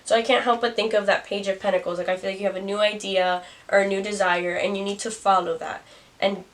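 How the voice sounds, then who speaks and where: A woman's voice: mid-range voice, fairly even intonation, fast. Young woman doing a chatty tarot reading. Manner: chatty, musing, laughs at herself. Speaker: tarot reader. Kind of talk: casual tarot reading to camera. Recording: distant mic, faint noise.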